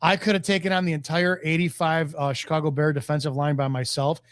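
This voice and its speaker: A man's voice: a little high, little pitch movement, fairly quick, no room sound, studio quality. Blunt, foul-mouthed man on a podcast. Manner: blunt, profane, storytelling. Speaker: podcast guest. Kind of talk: casual chat.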